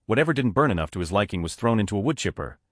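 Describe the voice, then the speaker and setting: A man's voice: on the low side, rapid-fire, no echo, studio quality. A man narrating a string of reader-submitted jokes in a scripted, announced-by-number way. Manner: animated, reads numbered stories one after another.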